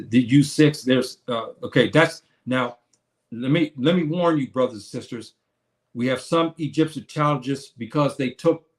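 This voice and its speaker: A man lecturing on a live stream, reading and answering viewers' comments with frequent restarts and hesitations. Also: mid-range voice. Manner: halting, many restarts, reads and answers comments. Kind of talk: live-stream teaching and chat replies.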